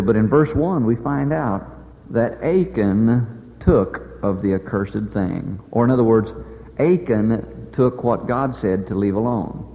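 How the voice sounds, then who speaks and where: A man preaching a folksy, animated sermon, telling the story and acting out the voices with lots of "uh" and "boy" fillers. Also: medium pitch. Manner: animated, acts out characters with many "uh" and "boy" fillers. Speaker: evangelist preacher. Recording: tinny phone-like sound in a large reverberant hall.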